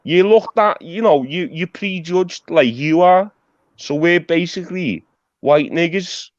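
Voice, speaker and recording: A man's voice: a little high, measured pace, no room sound, muffled recording. A man with a Liverpool Scouse accent, talking bluntly and swearing as he jokes in a casual group chat over a video call. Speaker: panel guest.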